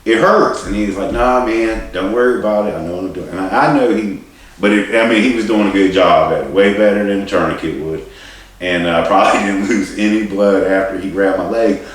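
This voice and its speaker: A man telling a personal story in a rambling, halting way, swearing and laughing at himself. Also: on the low side. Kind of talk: casual storytelling. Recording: distant mic in a very echoey room.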